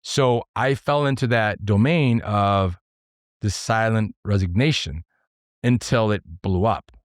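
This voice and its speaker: A man talks solo on his podcast in a fairly low voice, laying out ideas point by point. He is earnest and now and then gets excitable. The recording is close and dry, with no room sound. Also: slow pace, no echo. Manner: earnest, explains step by step with numbered points; excitable at times. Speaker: podcast host. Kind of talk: solo podcast talk on leadership.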